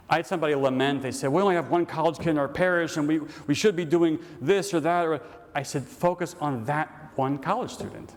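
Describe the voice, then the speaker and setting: A middle-aged man serving as an Orthodox priest talks to a conference crowd in a relaxed, storytelling manner. He sits at a mid pitch and fills pauses with ums and uhs. A long hall reverb trails behind his voice. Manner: folksy storyteller, many fillers. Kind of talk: conference talk and Q&A.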